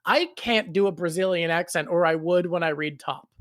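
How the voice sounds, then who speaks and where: A man chatting casually while reading a manga aloud on stream, with quick animated asides. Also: on the high side.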